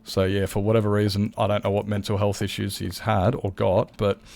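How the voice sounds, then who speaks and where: A man chats with viewers while streaming a game, his low voice carrying gravelly fry throughout and a darkish tone. Delivery is completely flat and a little fast as he rambles loosely, swears freely and often stops to correct himself.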